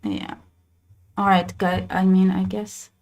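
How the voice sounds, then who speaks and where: A woman with an Israeli accent, a native Hebrew speaker, hosting a casual livestream chat and talking in quick bursts with many restarts. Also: medium pitch, little pitch movement, gravelly, a little mellow. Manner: chatty, many restarts and fillers. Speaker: channel host.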